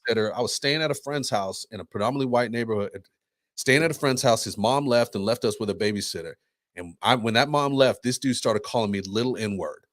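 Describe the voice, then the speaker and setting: A man on a podcast, telling stories in a lively way and acting out quotes, often asking "right?". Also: mid-range voice, fast talker, dry recording, clean studio sound. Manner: animated storyteller, acts out quotes, says "right?" often. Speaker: podcast co-host. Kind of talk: casual conversation.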